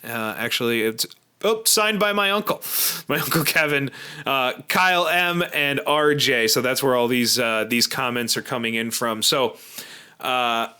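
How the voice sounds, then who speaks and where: Guy rambling about football on his podcast, bright tense voice, keeps restarting sentences. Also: mid-range voice, unhurried, smooth. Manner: rambling, self-correcting with repeated starts. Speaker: podcast host. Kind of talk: casual sports talk.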